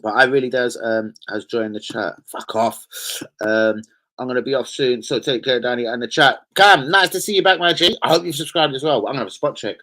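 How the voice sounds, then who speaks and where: A young man, hosting a loose, sweary live stream and shouting out his viewers. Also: mid-range voice, a little fast, rough recording. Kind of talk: casual live stream chat.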